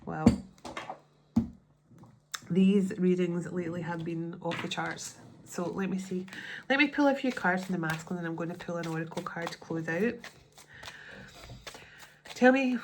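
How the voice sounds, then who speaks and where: Woman doing a tarot reading, kinda low voice, chatty, rambles and restarts a lot. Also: background noise. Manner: chatty, thinking aloud with restarts. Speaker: tarot reader.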